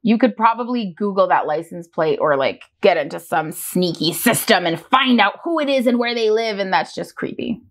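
A woman's voice: mid-range voice, normal speed, few pauses. A woman hosting a reaction video, chatting casually, teasing and laughing a lot. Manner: animated, teasing, laughs often.

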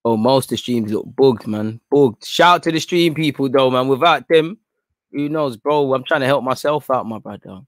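A man hosting a live stream in casual chat. He is slangy and rambling, and he shifts between low mutters and excited outbursts. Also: normal speed, no room sound, studio quality.

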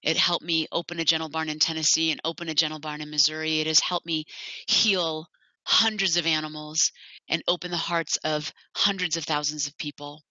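A woman with a deep, forceful voice tells her story in an earnest, heartfelt way. She speaks as the founder of an animal sanctuary in a personal talk. The recording is dry and slightly dull. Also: steady tone, fairly quick, no room sound.

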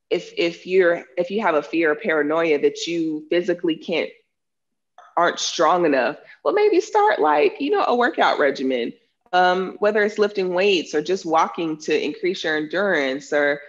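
A woman's voice: lowish voice, big pitch swings, measured pace, dull audio. A woman who teaches self-defense and wrote a book on it, answering interview questions in an earnest, explanatory way with plenty of fillers. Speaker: self-defense instructor and author.

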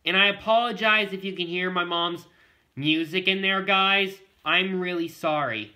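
A man's voice: high-pitched, normal speed, pushed and bright. A male vlogger talking casually to the camera, rambling and repeating himself as he keeps addressing his viewers.

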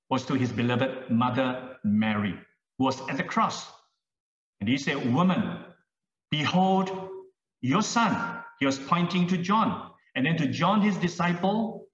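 A man preaching a sermon as pastor, slow and emphatic, with dramatic pauses. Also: fairly high pitch, a bit bright, distant mic. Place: church sanctuary. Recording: roomy, dull sound from off-mic in a church hall.

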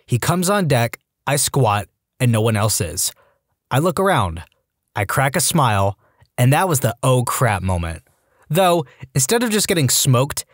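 A man narrating online stories for a podcast in a lively, expressive storytelling delivery, close on a studio mic. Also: fairly high pitch, no room sound.

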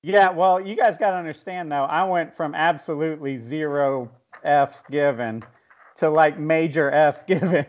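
Joking man with a slightly high voice. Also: normal speed, lo-fi sound. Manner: joking, self-mocking, laughs a lot. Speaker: podcast co-host. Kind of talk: casual chat.

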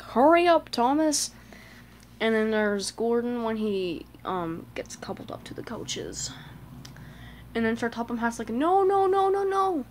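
A woman with a higher voice chats through a picture book page by page, a fan giving casual flip-through commentary. She fills her talk with "like," small gasps and little voices, and there's slight background noise.

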